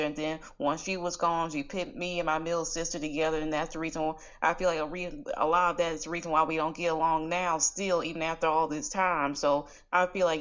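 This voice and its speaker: A woman's voice: low voice, a bit bright. A woman co-hosting a candid casual chat, speaking frankly and matter-of-factly. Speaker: podcast co-host.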